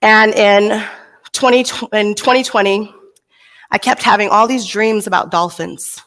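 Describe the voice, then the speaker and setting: A woman's voice: medium pitch, a little slow. A middle-aged woman from Texas giving a motivational keynote speech on a conference stage, telling stories and acting out the voices of people in them. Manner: animated storyteller, acts out voices in quotes. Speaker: motivational speaker.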